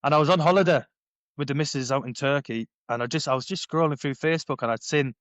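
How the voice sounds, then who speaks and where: A man in his thirties, a former paratrooper, telling his story in a casual podcast interview, animated and acting out quoted dialogue. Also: on the high side, fast talker, no echo, muffled recording. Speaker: podcast guest, former paratrooper and bare knuckle fighter. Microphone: headphones on, sitting at a podcast mic.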